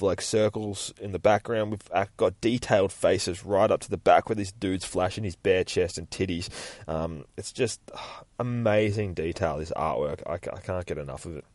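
Man, low voice, profane, rambling casual podcast, dry close sound. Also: no echo. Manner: profane, rambling, laughs at himself. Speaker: podcast host. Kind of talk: casual comic book read-through. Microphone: phone.

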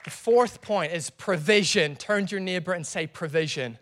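Animated preacher man, high voice. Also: moderate pace, noisy background. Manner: animated storytelling preacher with crowd prompts. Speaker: pastor. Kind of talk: sermon.

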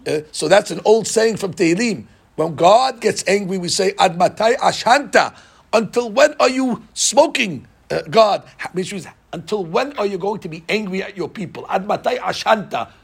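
A man teaching a Bible class, animated and asking the class questions as he explains verses. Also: high voice, normal speed, gravelly, hardly any pauses, slightly rough. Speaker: Torah teacher.

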